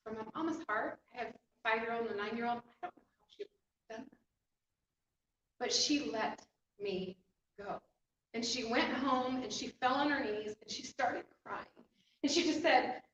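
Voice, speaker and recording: A woman telling a personal faith story in an animated, emotional way, often breaking into laughter. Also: a little high, normal speed, a little hiss or hum. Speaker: inspirational speaker. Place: echoey room. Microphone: distant mic. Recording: echoey room, distant mic, dull sound.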